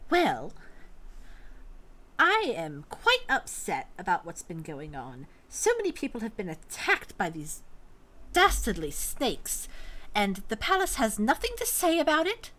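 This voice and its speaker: A woman's voice: mid-range voice, huge pitch swings, measured pace, sharp tone, voice pushed up, heavily acted. A woman putting on an indignant gossiping townswoman. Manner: complaining, suspicious, emphatic. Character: indignant tall middle-aged townswoman, gossiping.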